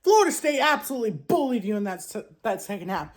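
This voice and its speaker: A woman hosting a casual sports commentary vlog. She trash-talks in an animated way, with loud exclamations, rhetorical questions and frequent restarts. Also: medium pitch, fast. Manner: frequent restarts and self-corrections. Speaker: sports show host.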